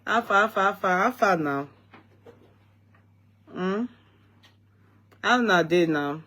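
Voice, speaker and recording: A woman's voice: medium pitch, slow, long pauses, a bit bright. A tired Nigerian woman hosting a casual live stream, chatting to viewers with repeated greetings and bits of Pidgin. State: tired, yawning.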